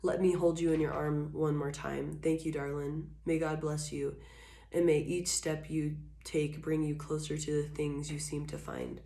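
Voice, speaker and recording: A woman voicing a wistful former lover who says a tender farewell in soft, hushed, half-whispered crooning. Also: extremely low pitch, little pitch movement, normal speed, few pauses.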